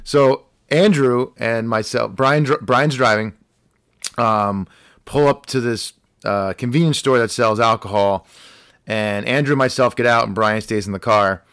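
A man's voice: medium pitch, a little slow, clear, resonant tone, dry recording, studio quality. A young adult man, a podcast guest, casually telling a funny story from his teenage years. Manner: animated anecdote telling, acts out quoted voices.

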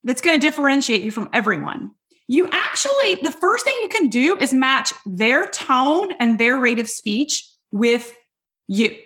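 A woman with a high voice teaches in a loud, hyped-up way. She is emphatic and keeps checking in with her listeners as she coaches them. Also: big pitch swings, unhurried. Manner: talks straight to listeners with frequent checks like "right?" and "okay?". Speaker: business coach and podcast host. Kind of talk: energetic teaching talk.

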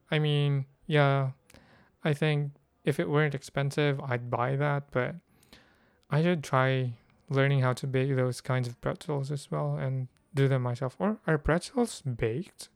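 A man's voice: medium pitch, steady tone, a little slow, vocal fry, clear, resonant tone, no room sound. A man from the Philippines, hosting a casual solo podcast and thinking aloud with many fillers. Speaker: podcast host.

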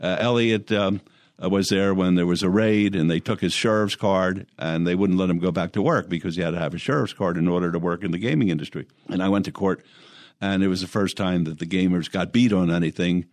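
A deep-voiced older man, a former lawyer and mayor, tells stories as an interview guest in conversation. He speaks briskly on a dry recording, rambling through anecdotes with many fillers and restarts.

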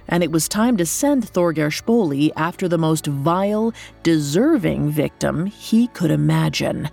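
A woman narrating a scripted horror story in a measured, deliberate way. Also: low voice, vocal fry, a little mellow, slightly rough. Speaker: podcast storyteller.

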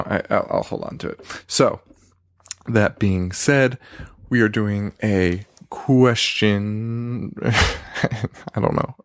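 Low gravelly man talking half-quiet. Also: no room sound, studio quality. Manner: rambling, self-deprecating, quick with fillers. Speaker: podcast host. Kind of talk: casual solo podcast chat.

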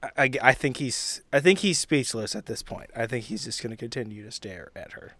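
Hesitant player thinking aloud. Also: male voice, medium pitch, fairly quick, fairly bright tone, no room sound. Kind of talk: tabletop role-play, casual.

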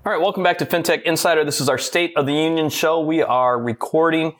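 A man's voice: on the high side, fast talker, a bit bright, faint music behind. A man from Detroit hosting a podcast, chatting casually and joking with his panel. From Detroit, USA. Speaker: podcast host.

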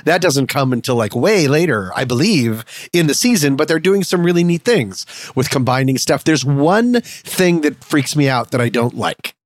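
A man co-hosts a podcast, talking keenly and cracking jokes. His voice sits a little on the high side. The sound is close and dry, with no room echo. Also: animated, moderate pace, few pauses. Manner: enthusiastic, joking. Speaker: podcast co-host. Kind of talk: casual podcast chat.

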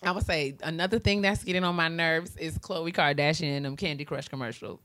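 A woman's voice: low-pitched, fairly even intonation, fairly quick, fairly bright tone. A woman in her thirties co-hosting a podcast, chatting casually and venting with exasperated groans. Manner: exasperated, dramatic sighs and groans. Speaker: podcast co-host. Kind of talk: casual chat.

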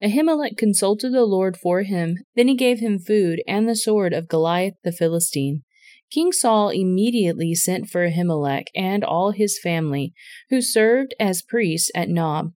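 A woman's voice: mid-range voice, lively intonation, moderate pace, warm tone, no room sound, studio quality. Woman reading scripture aloud. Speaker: scripture reader.

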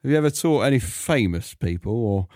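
A man's voice: mid-range voice, lively intonation, a little fast, a little mellow, no room sound, natural voice. Bloke putting on a pompous awkward british radio guy, bouncy up and down voice, dead dry mic. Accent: British English. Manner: self-important, puffed-up delivery. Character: pompous middle-aged male radio presenter, awkward. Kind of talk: comedy impression reading a script.

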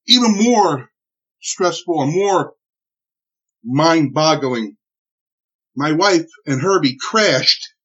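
A man recounting a personal ordeal in an interview, animated and full of restarts and acted-out quotes. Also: a little high, husky. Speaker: interviewee telling a personal story. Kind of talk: emotional spoken recollection. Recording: dull lo-fi recording.

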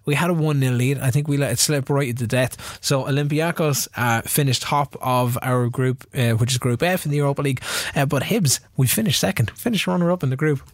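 A man's voice: medium pitch, fairly quick, no room sound, studio quality. A man co-hosting a podcast, chatting casually, rambling and swearing. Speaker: podcast co-host. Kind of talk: casual chat.

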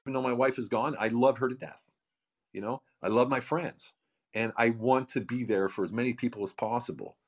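This podcast guest, who founded a coaching program, is a middle-aged man with a medium-pitched voice and a steady tone, speaking fairly quickly. He pushes his motivational message emphatically, repeating himself and asking rhetorical questions.

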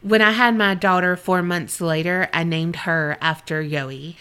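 Bright-voiced woman podcast co-host. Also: on the low side, steady tone, a little slow, smooth. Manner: candid, swears freely, laughs often. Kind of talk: casual chat and reading listener stories.

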